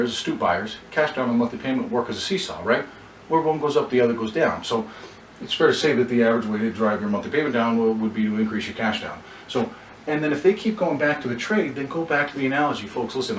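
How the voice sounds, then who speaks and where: A man coaching car salespeople, acting out short bits of dialogue and often restarting his sentences. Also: mid-range voice. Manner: coaching, role-plays dialogue, frequent restarts. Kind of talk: sales training talk. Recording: echoey room from far off, faint background noise.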